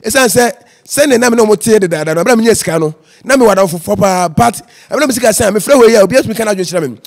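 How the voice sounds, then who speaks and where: A man's voice: high-pitched, expressive, rapid-fire. A man with a Ghanaian accent, an evangelist telling his life story as an interview guest and slipping English phrases into his talk. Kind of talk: personal testimony in casual interview.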